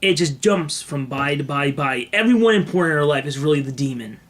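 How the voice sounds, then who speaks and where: A young man with a bright, fairly high voice, trading dry, teasing jokes on a comedy podcast. His quips come out easily, and he laughs at his own ideas. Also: expressive, fast talker. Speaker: podcast co-host. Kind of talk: casual comedic chat.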